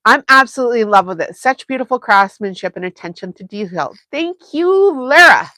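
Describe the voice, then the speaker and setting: A woman's voice: on the high side, animated, brisk, pushed and bright, no room sound. A woman hosting a sewing livestream, chatting casually with viewers and laughing often. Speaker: sewing channel host.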